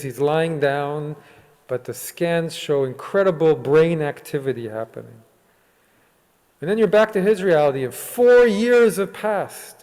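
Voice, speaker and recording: A male rabbi giving a sermon in a synagogue sanctuary, retelling a story and voicing its dialogue. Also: a little high. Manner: retells a story with quoted dialogue, lively and unhurried. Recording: long hall reverb.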